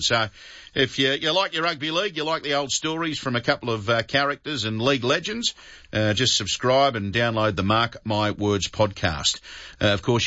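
A man with an Australian accent hosting a radio show, chatty and quick to laugh. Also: medium pitch, bright, forceful tone, dry recording. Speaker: radio host. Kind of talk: casual radio chat. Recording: slightly dull broadcast audio.

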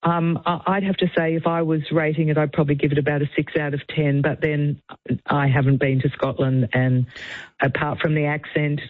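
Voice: mid-range voice, level tone, fairly quick, no echo. A radio host chatting casually through a film review, with frequent ums. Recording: dry, narrow phone-like sound.

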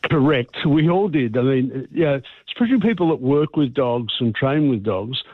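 A man's voice: mid-range voice, animated, moderate pace. An Australian male vet talks through a radio phone interview, his explanations long and expansive. The sound comes over a narrow, tinny phone line, dry with no room echo. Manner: warm, expansive, rambling explanations. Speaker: veterinarian guest on the phone. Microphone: telephone line.

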